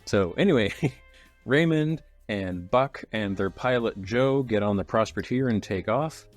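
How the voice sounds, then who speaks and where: A man's voice: on the low side, expressive, a little slow, soft background music. A man hosting a podcast, chatting casually, laughing easily and recapping the story. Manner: easygoing, laughs often, summarizes plot. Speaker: podcast host.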